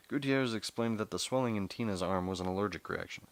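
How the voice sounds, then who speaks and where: A man reading a novel aloud, steady but with occasional stumbles and self-corrections. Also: on the low side, quick pace, few pauses, no echo.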